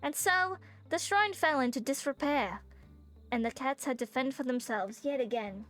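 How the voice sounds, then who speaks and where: An ancient guardian spirit of a cat shrine, put on by a woman, speaking in a put-on semi-Australian, semi-British accent. Its voice sits high and it tells its tale slowly and solemnly, like a game's storybook narration. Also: animated, a bit bright, soft background music. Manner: slow, solemn storytelling reading.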